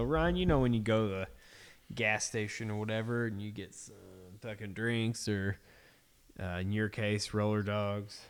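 A man co-hosting a podcast, venting in a profane, exasperated casual chat. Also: lowish voice. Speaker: podcast co-host.

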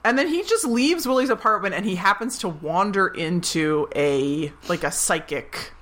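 A woman co-hosting a podcast, recapping a film in animated casual chat and acting out quick quotes. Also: on the low side. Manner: animated retelling with quick acted-out quotes, laughs often. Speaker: podcast co-host.

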